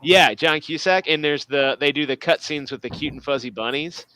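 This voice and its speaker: Chatty podcast co-host, male, bright crisp tone, dry close sound, rambling. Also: a little high, normal speed, dry recording. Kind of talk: casual chat.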